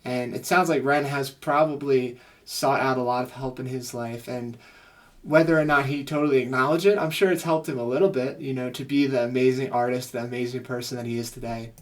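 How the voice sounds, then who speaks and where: A man's voice: mid-range voice, steady tone, brisk. A man, a psychotherapist, giving earnest reaction commentary on a song, gushing with praise as he reflects on its emotions.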